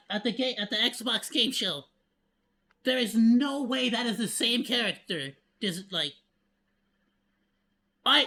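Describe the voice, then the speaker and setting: An excitable streamer reacting live to a video, rambling along with sarcastic asides. The voice is bright and forceful and swings widely in pitch. The talk stays loose and unscripted. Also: slightly rough. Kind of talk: casual live reaction commentary.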